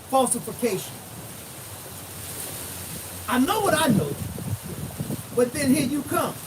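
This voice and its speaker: High-voiced blunt preacher man, far off. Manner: emphatic, repetitive, blunt street-style preaching. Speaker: pastor. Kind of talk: informal sermon recap. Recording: distant mic with noisy background.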